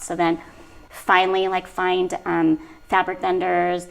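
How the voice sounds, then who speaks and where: Lively woman telling stories, gravelly edge. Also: fairly low pitch, moderate pace, low-quality recording. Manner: lively storyteller, laughs often. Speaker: celebrity style coordinator. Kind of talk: casual interview chat.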